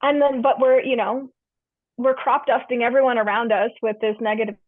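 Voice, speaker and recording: A woman's voice: a little high, little pitch movement, brisk, no room sound. A woman counselor and yoga teacher explaining breathwork as an interview guest, earnest with easygoing slang. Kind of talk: casual interview talk. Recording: tinny phone-like line, dry.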